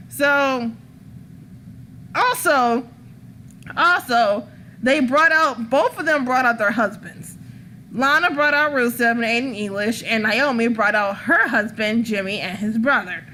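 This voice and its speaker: Female podcast host, bright tone, rambling and profane, laughs a lot, casual chat. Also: high-pitched, takes it slowly, pauses often, slight background noise. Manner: animated, laughs often.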